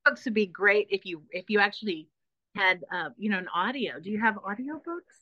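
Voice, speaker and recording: A woman's voice: mid-range voice, fairly quick, dry recording, highs cut off. A woman from Texas hosting a casual interview, bubbly and full of filler words. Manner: bubbly, lots of "like" and restarts. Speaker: podcast host.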